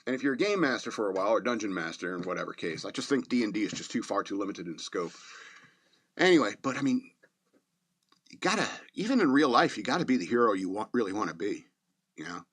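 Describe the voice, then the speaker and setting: A man's voice: on the low side, very animated, quick pace, fairly bright tone, breathy edge. A man in his fifties hosting a podcast, rambling through a casual story with chuckles and fillers. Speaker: podcast host.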